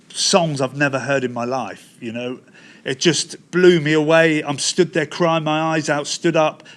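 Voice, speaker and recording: A man from Devon in England, giving an earnest personal testimony, halting and restarting as he recalls events. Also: a little high, a bit bright. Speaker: testimony speaker.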